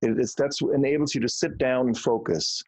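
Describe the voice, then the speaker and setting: Man, 60s, mild German accent, earnest reflective guest, medium pitch, dry close sound. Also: steady tone, a little fast, darkish tone, dry recording. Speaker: guest musician. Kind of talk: conversational interview.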